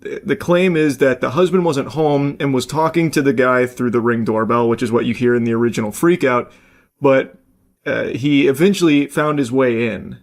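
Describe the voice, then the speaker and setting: A man's voice: mid-range voice, fairly even intonation, normal speed. A man reacting to a clip in casual, rambling commentary, swearing freely and filling gaps with "like" and "uh". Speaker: commentary YouTuber.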